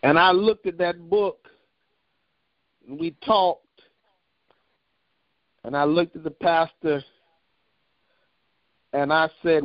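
A man preaching a sermon, telling a personal story with a measured, repetitive cadence. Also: on the high side, no echo, lo-fi sound.

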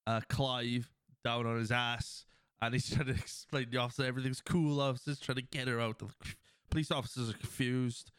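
Brief: male podcast host, casual rambling plot recap, smooth clear voice, dry close sound. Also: medium pitch, fairly even intonation, brisk, a bit bright, dry recording. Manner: rambling, heavy with fillers; acts out quoted lines.

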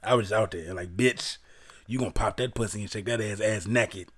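A man's voice: on the low side, a little fast, fairly bright tone. A young man from Baltimore, a podcast co-host, casually telling a profane story and reading old messages aloud.

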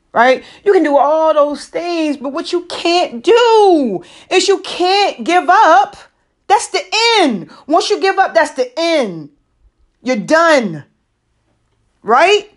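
Woman giving a pep talk episode, kinda high voice, takes her time, says everything twice. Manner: emphatic, repeats phrases, asks "right?". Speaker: host. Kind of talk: motivational monologue.

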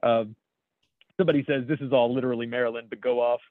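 A man's voice: mid-range voice, steady tone, fast, no room sound. American man reading memes over a tinny line. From United States. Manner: laughs often while reading. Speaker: podcast co-host. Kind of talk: casual chat reading memes aloud.

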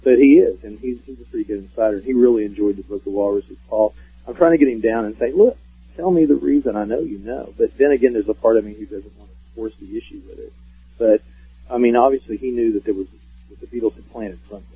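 Calling in to a casual radio interview, this man talks fast in a lowish, breathy voice, rambling through long stories full of fillers and restarts. The recording is dry and comes over a tinny phone line.

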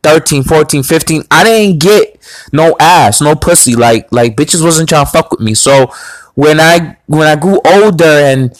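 A man's voice: fairly high pitch, unhurried, dry recording, low-quality recording. A man hosting a podcast, telling a personal story in a blunt, crude, boastful way. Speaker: podcast host. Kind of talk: casual storytelling monologue.

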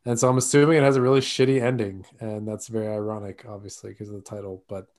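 A man's voice: fairly low pitch, steady tone, fast talker, a little mellow. A man co-hosting a movie podcast in casual chat, joking and correcting himself as he rambles. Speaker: podcast co-host.

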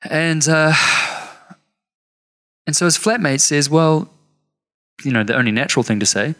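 A man's voice: fairly high pitch, unhurried, long pauses, fairly bright tone. A man preaching a sermon through personal stories, acting out the voices of people he quotes, with self-mocking asides. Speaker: pastor. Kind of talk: storytelling sermon.

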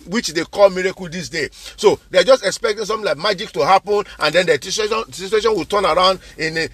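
High-voiced fervent male preacher. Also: a bit bright, husky, dry recording. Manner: fervent, repeats phrases for emphasis; addresses listeners directly with questions. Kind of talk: sermon.

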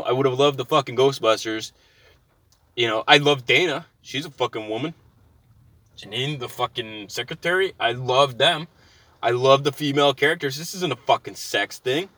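A man's voice: mid-range voice, dry recording. Profane, heated man in his thirties. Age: 30s. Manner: swears constantly, heated and animated. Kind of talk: profane ranting monologue. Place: inside a car.

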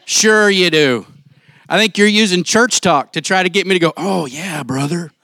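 A man preaching a sermon in church on a handheld mic, casual and jokey, acting out quick quotes. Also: high voice, sharp tone, smooth, no echo. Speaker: pastor.

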